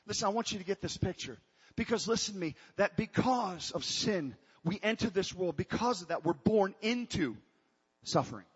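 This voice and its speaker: A man's voice: high-pitched, expressive, moderate pace, husky, big-room sound, muffled recording. A man preaching a sermon to his congregation in an emphatic way, breaking off and restarting as he calls out to them. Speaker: pastor.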